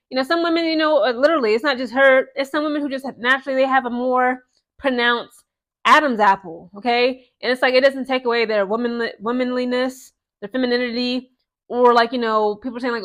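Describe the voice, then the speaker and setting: Talking fairly quickly, a young woman with a slightly raised pitch gives her followers an informal rundown of sports. She stays bubbly and conversational, often pausing to check on her audience with a "guys" or an "okay?"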